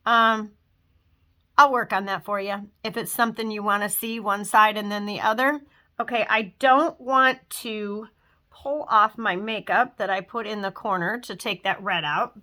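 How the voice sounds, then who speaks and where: A woman's voice: fairly high pitch, pushed and bright. A woman in her fifties giving a casual makeup tutorial at home, chatty and talking while she works, trailing off into fillers. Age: 50s. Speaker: makeup vlogger.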